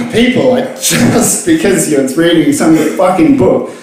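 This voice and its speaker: A man's voice: a little high, animated, slow pace, crowd noise. A young man giving a crude, self-mocking comic reading of his own piece in a pub. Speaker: comic reader at a book launch. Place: pub function room, live audience. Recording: echoey pub room.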